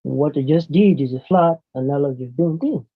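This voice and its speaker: A man from Tanzania, a debate guest on a call, halting and searching for words, teasing at times. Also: on the high side, breathy edge. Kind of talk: casual live debate over a call. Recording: tinny phone-like call line.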